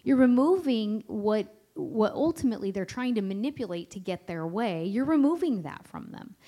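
Mellow woman adding to a talk. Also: medium pitch, lively intonation, normal speed. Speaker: parenting conference speaker. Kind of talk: conference talk.

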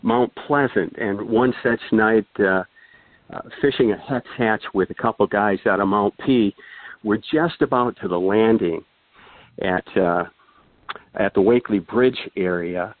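Older guy rambling thru a fishing story, lowish voice, thin phone-line sound. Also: moderate pace, no echo. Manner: rambling, many fillers and restarts. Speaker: guest storyteller. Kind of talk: casual anecdote telling.

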